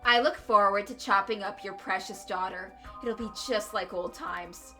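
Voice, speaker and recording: A woman's voice: medium pitch, normal speed, sharp tone, soft background music, natural voice. A woman voicing a vengeful male ex-convict from a game, taunting and sneering with mock sweetness that turns to snarling threats. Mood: gloating. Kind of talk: reading a game aloud with voices.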